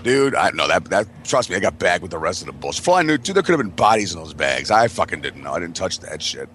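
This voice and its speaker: A man's voice: low voice, big pitch swings, fast, a bit bright, a little hiss or hum. A man telling a rambling, profane story in casual chat as a podcast host, laughing as he goes.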